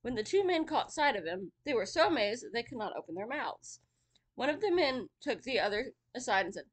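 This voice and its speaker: A woman's voice: fairly high pitch, big pitch swings, brisk. A woman casually reading a fairy tale aloud, with chatty asides. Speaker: storyteller.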